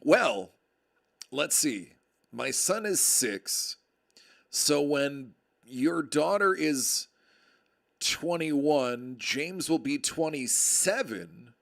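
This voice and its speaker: A man's voice: fairly high pitch, animated, drawn-out words, vocal fry, fairly bright tone. A man hosting a card break livestream, chatting casually and joking with viewers in a rambling way. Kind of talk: casual chat.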